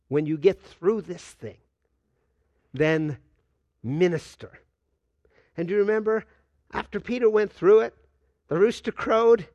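An older man preaching a sermon as a pastor, swinging between loud and hushed delivery and acting out quoted dialogue. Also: on the high side, no echo. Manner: acts out dialogue with God in quoted voices.

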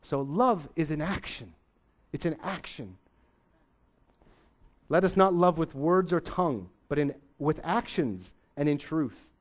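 A man's voice: on the high side, expressive, unhurried, long pauses. A middle-aged man preaching a sermon as pastor, in a folksy, conversational way with homely sayings.

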